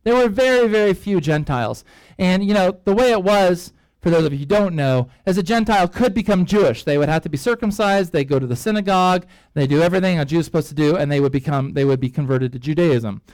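Male pastor, high voice, storytelling sermon, chatty asides, dry recording. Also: fast, no echo, rough recording. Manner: lively storyteller, acts out characters' reactions; rambling with frequent fillers and asides. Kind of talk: sermon-style Bible teaching.

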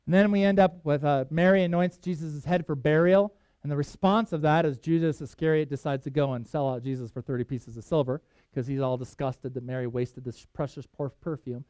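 A man preaching a sermon, reading scripture aloud with emphatic swings in loudness. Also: on the high side, steady tone, brisk, no echo. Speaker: pastor.

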